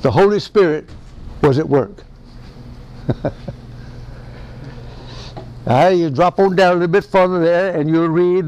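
A man preaching a folksy Bible-study sermon, excitable and often chuckling. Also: sits high.

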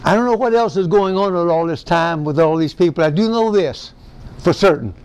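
A man leads a folksy Bible-study sermon. His voice sits high for a man, and he talks in an excitable way, chuckling often. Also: fairly quick, smooth. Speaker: preacher.

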